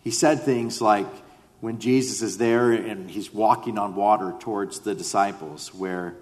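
Male preacher, earnest, lowish voice, long hall reverb. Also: a little slow. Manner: earnest, re-enacts quotes with rising emphasis. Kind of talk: sermon with Bible reading.

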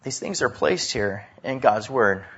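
A man preaching a sermon, swinging between loud emphasis and hushed drops. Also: medium pitch, animated, measured pace, husky, lo-fi sound. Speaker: pastor.

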